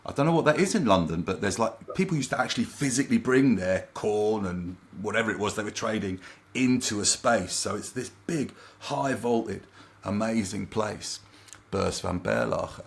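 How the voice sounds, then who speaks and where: A man working as a confidence coach, telling lively anecdotes in a casual interview and acting out quoted remarks. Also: on the low side, moderate pace, vocal fry.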